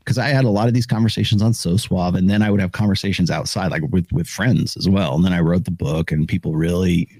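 A man's voice: low-pitched, steady tone, quick pace, hardly any pauses, a little mellow, slightly rough, no echo. A man hosting a casual conversation, rambling and acting out what other people said. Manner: rambling, acts out quoted voices.

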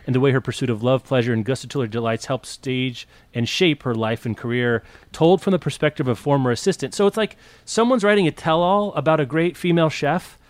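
A man's voice: mid-range voice, fairly quick, hardly any pauses, no room sound. A man co-hosting a podcast, enthusiastic and rambling as he recommends books with many restarts. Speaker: podcast co-host. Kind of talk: casual book chat.

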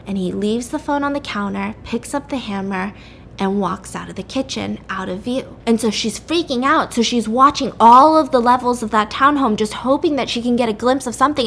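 A woman hosting a podcast, retelling a true story in a chatty, animated way, swearing casually and filling with "like" and "you know.". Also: a little high, a little hiss or hum.

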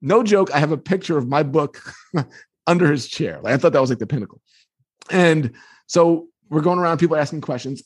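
A man with a slightly husky voice tells a story about his book as an interview guest. He talks with energy and slips into lively voices when he quotes other people. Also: on the high side. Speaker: author and guest. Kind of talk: animated storytelling.

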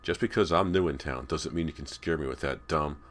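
A man's voice: very deep voice, brisk, a bit bright. A man voicing a curious, bold teenage girl in an audiobook reading. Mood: eager.

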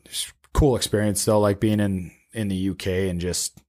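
Young guy from Canada, low-pitched, easygoing storyteller; casual podcast guest. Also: moderate pace. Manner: relaxed storytelling, heavy use of "like". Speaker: guest, professional hockey player.

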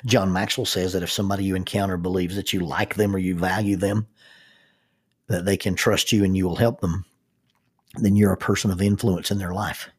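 A man's voice: sits low, steady tone, fairly quick, a little mellow, slightly rough. A man giving a reflective spoken talk, thoughtful, with frequent restarts and rhetorical questions.

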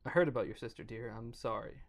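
A man reading a gentle young counselor woman. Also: mid-range voice, fast, gravelly, natural voice.

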